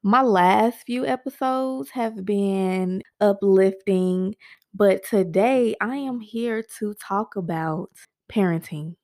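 A woman's voice: mid-range voice, slow pace, darkish tone. A young adult woman hosting her own podcast, talking candidly and venting straight to her listeners in casual chat. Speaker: podcast host. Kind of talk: casual solo podcast talk.

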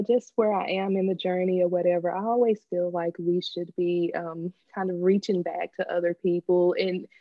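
A woman's voice: medium pitch, no echo. A woman with a Southern accent from Texas, chatting as a podcast guest. She sounds candid and encouraging and laughs often between thoughts. The audio is dry and slightly muffled, like a remote call. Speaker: podcast guest, small business owner. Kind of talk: casual interview chat.

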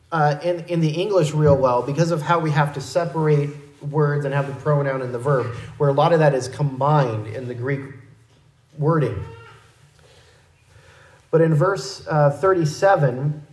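A man's voice: on the high side, darkish tone. Man preaching in an echoey room. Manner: measured, explanatory teaching delivery. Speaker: pastor. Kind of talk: expository sermon.

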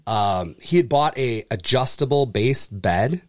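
A man telling a story in casual chat, acting out the people in it with jumps in voice and plenty of swearing. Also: a little slow. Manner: animated, acts out quoted people with pitch jumps, swears freely. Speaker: furniture delivery and service worker.

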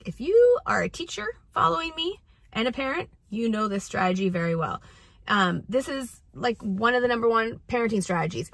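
A woman's voice: on the high side, big pitch swings, fairly quick, vocal fry, dry recording. A woman in her forties, a parenting coach and mother, giving casual, earnest advice with frequent restarts while at a track practice.

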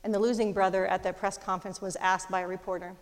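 A middle-aged woman telling a personal story in a fast, animated way, with lively voices for the people she quotes. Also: medium pitch. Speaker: speaker. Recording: long hall reverb.

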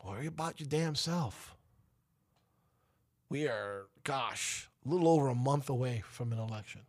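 A man's voice: mid-range voice, moderate pace. A man hosting a talk show, delivering an emphatic, preachy opinion monologue that rises to outbursts. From United States.

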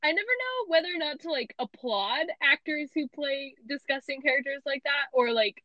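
A woman's voice: high-pitched, animated, moderate pace, sharp tone, no echo, lo-fi sound. A young woman co-hosting a podcast in casual chat, laughing often and saying "like" constantly. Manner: laughs a lot, says "like" constantly. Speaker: podcast co-host.

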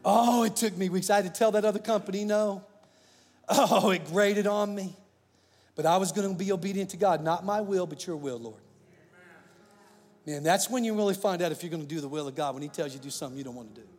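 A man preaching a sermon as pastor, animated, swinging between loud, rising passages and hushed asides. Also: high-pitched, fast talker, big-room sound.

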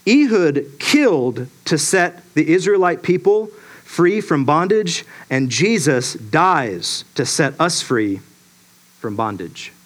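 A man preaching a sermon to a congregation, emphatic and lively, asking the audience rhetorical questions. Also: on the high side, slow pace. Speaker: pastor.

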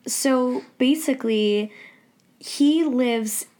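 A woman's voice: extremely slow, dark tone. Chatty young woman telling a story. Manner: chatty storyteller, quotes people in a higher voice. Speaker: podcast co-host. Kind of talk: casual chat. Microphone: studio microphone.

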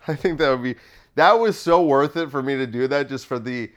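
A man's voice: medium pitch, moderate pace. A comedian riffing off the top of his head, rambling and laughing at his own jokes. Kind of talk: solo comedy riff.

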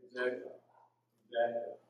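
A man's voice: moderate pace, slight background noise. A man teaching an adult Sunday school Bible lesson in a church classroom, talking conversationally and asking the class questions. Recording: very echoey room, mic far off.

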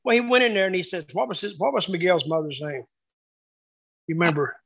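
Gravelly, husky man spinning old stories. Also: high voice, fairly quick, no echo, low-quality recording. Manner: animated storyteller acting out quotes. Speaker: wrestling booker telling stories. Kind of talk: casual reminiscing conversation.

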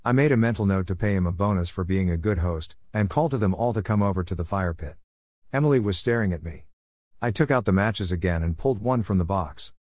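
A man tells a story in a calm, even reading voice. His voice sits low, and the recording is dry with no room sound. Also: dry recording. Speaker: audiobook narrator. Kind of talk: scripted narration.

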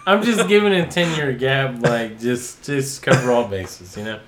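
A man's voice: medium pitch, moderate pace, a little hiss or hum. A man co-hosting a podcast in casual chat, enthusiastic and rambling, laughing often. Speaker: podcast co-host.

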